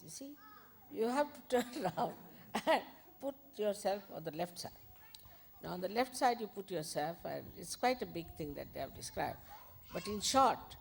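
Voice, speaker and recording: A woman spiritual teacher, giving an informal, unhurried talk with gentle asides. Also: medium pitch, gravelly.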